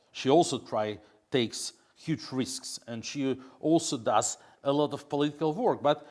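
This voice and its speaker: Man, halting interview answers. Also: on the high side. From Russia. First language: Russian. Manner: hesitant, many fillers and restarts. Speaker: interview guest, opposition politician.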